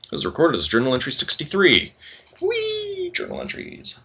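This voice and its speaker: A man's voice: mid-range voice, huge pitch swings, fast, vocal fry, pushed and bright, slightly rough. A man hosting a let's play, reading game text aloud and commenting casually with wry asides.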